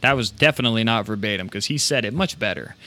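A fast-talking man with a lowish voice hosts a live show, delivering high-energy, informal motivation on running a print business. He rambles, restarts his thoughts, and curses occasionally.

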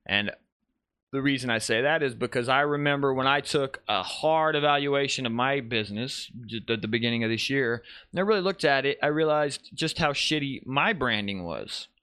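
A man's voice: mid-range voice, normal speed, sharp tone, clean tone, no room sound, studio quality. A man hosting a live podcast, talking casually and rambling, correcting himself and greeting chat viewers as he goes. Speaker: podcast host.

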